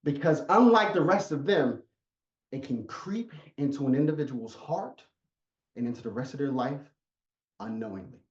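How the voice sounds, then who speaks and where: A man's voice: medium pitch, animated, normal speed. Emphatic male motivational coach on a video call, muffled and roomy. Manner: emphatic, repetitive storytelling. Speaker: life coach. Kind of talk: motivational talk. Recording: echoey, muffled sound.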